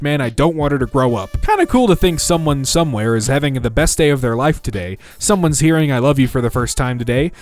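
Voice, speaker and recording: A man narrating internet posts aloud in an animated, comic storytelling manner. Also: medium pitch. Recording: faint background music.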